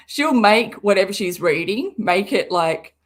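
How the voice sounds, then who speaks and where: A woman's voice: mid-range voice, lively intonation, takes it slowly. A woman doing casual live-stream commentary, sarcastic and rambling, who swears freely. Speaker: livestream commentator.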